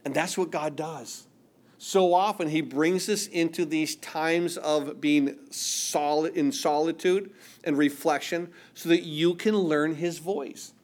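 Male preacher with a slightly high voice, dramatic sermon delivery, plays the voices in the verses he reads. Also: fairly even intonation, slow. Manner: dramatic, drops to near-whisper for quiet passages; acts out biblical voices, asks listeners "do you understand?".

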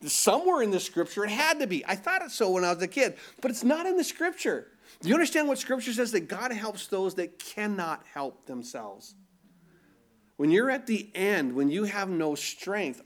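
A man's voice: high-pitched, expressive, moderate pace. A man preaching a sermon, asking his listeners rhetorical questions and often repeating words as he builds his points. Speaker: pastor.

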